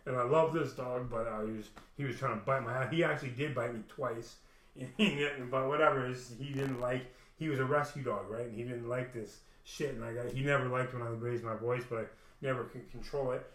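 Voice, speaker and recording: A man's voice: medium pitch, fairly bright tone, roomy sound. A man rambling through a personal story to his camera at home, swearing heavily and restarting often. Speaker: vlogger. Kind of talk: emotional personal monologue. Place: room at home.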